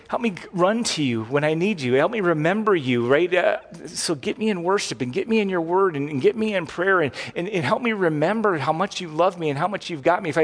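A middle-aged man preaching a sermon as pastor, talking conversationally with frequent asides and restarts. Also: on the high side. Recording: long hall reverb.

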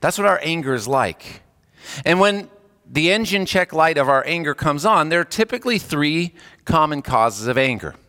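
Man, chaplain, conversational sermon, slightly high pitch, reverberant hall. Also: lively intonation, moderate pace, pushed and bright. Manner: conversational, acts out quoted voices with jumps in pitch. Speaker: hospice chaplain and preacher. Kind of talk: casual sermon.

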